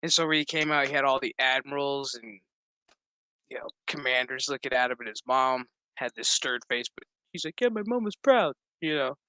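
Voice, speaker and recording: A man's voice: medium pitch, fairly even intonation, fairly quick, bright, forceful tone, clear, resonant tone, dry recording. A man giving a rambling, profane recap of a TV episode, acting out the characters' lines as he goes. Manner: rambling, profane, acts out quotes. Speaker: show recap reviewer.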